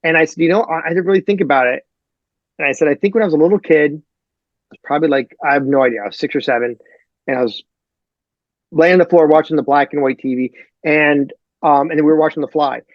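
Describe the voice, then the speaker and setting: Rambling, slightly high-voiced man. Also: fast talker, pauses often, no echo, lo-fi sound. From Detroit, USA. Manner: rambling, animated storyteller with many fillers. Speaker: guest novelist. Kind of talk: casual podcast chat.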